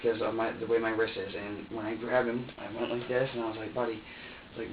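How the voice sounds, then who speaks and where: A man's voice: medium pitch, flat delivery, fast, a little hiss or hum. A man being questioned by police, retelling events in a rambling, repetitive way and acting out what he said. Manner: rambling and repetitive, acting out his own words. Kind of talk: recounting events during a police interrogation. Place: police interrogation room. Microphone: room surveillance microphone. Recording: echoey, distant, dull interrogation-room recording.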